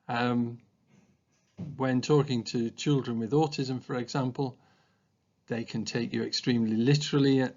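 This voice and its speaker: A special school staff trainer delivers an explanatory training presentation in a measured, thoughtful way, often filling pauses with ums and uhs. His voice is an ordinary middle pitch with a darkish tone, and the recording sounds a little dull and lo-fi.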